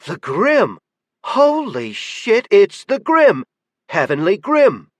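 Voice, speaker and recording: A man voicing an excitable young red-haired woman who exclaims breathlessly, in a dry audiobook read. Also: medium pitch, a little fast, no room sound, natural voice. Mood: excited.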